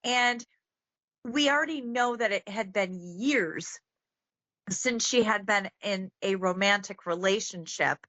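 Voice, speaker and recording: A woman's voice: medium pitch, a little slow, sharp tone, no room sound. A woman who is a guest on a podcast, earnest and meandering as she talks about a film. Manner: earnest, meandering, many fillers. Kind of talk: casual film discussion.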